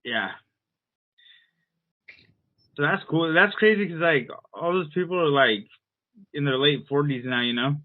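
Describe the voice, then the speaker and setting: A man's voice: on the high side, measured pace, long pauses, no echo, phone-quality sound. Rambling man with a scratchy throat. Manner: rambling, filler-heavy, clears throat often. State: throat irritation. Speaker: podcast co-host. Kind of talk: casual chat.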